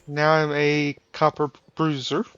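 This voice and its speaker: A man's voice: a little high, completely flat delivery, a little slow, fairly bright tone, clean tone, dull audio. A man streaming a game live, chatting casually and teasing his viewers. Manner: joking, teasing chat, mock British phrases. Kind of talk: casual live gameplay commentary.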